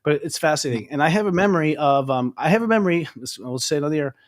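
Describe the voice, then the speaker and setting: Fast excitable guy hosting a chat, higher voice, rambles with lots of fillers. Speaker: astrologer host. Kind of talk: casual interview chat.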